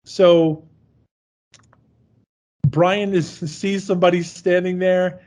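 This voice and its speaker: A man's voice: high-pitched, steady tone, slow pace, a little mellow. A man co-hosting a podcast, retelling a horror movie's scenes in a crude, joking way and laughing as he goes. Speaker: podcast co-host. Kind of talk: casual movie recap.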